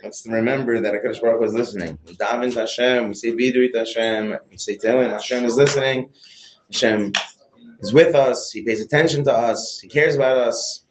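A man of middle pitch teaching a Torah class. He reads short Hebrew phrases, translates each into English, and repeats his key lines as he tells a story. His delivery is that of a teacher speaking to a group of students. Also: brisk, poor audio.

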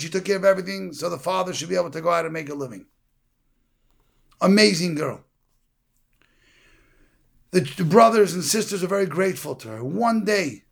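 A man giving a sermon, telling a story and acting out the characters with a gravelly, husky voice. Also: high-pitched. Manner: animated storytelling, acts out the characters. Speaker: preacher.

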